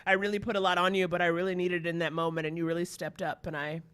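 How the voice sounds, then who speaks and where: A woman's voice: on the low side, little pitch movement, very fast, fairly bright tone, clean tone. A woman comedian from Harlem in casual comedic chat, telling stories animatedly and acting out the lines she quotes. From Harlem, New York. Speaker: comedian guest.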